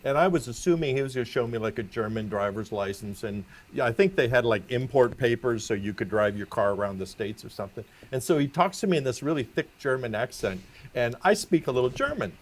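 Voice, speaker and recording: Laughing former cop telling road stories. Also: male voice, mid-range voice, brisk. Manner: laughing, animated anecdotes. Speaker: podcast co-host, former traffic cop. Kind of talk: casual storytelling chat.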